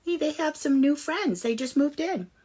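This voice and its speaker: A woman reading a picture book aloud to children, pausing to explain words. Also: high-pitched, warm tone. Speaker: children's story reader.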